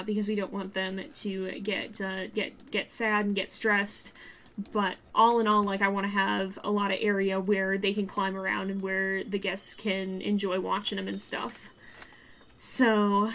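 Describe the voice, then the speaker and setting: A woman's voice: mid-range voice, sharp tone. A woman with a Southern US accent streaming a building game, chatting and rambling to her viewers and laughing easily. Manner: chatty, rambling, quick to laugh, talks straight to her chat. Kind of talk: casual live-stream chat while building in a game.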